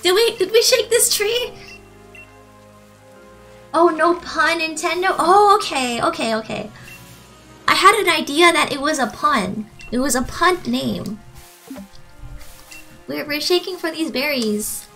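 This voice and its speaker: A woman streamer with a very high, bright voice chats with her live audience in a bubbly, giggly way. She talks at a slow, easy pace. Faint game music sits behind her. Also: animated, low-quality recording. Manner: bubbly, gushing, giggly, thanks viewers. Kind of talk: live gaming stream commentary.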